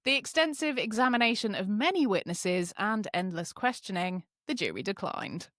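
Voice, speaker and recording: British woman, podcast co-host, animated pitch, dry close-mic sound. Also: moderate pace, no room sound. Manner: narrates a case, laughing often between lines. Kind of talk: casual storytelling podcast.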